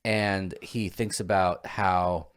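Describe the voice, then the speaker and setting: A man's voice: deep voice, fairly even intonation, slow pace, clear, resonant tone. Man, podcast co-host, casual chat, rambling, restarts often, reflective. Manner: rambling, self-reflective, many fillers and restarts.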